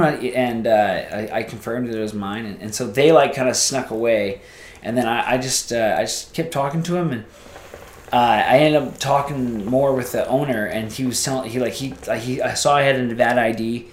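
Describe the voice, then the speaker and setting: As a podcast guest, a man rambles through a casual, animated story and performs the voices of the people he quotes. His voice is mid-range and a little fast, and the sound is roomy.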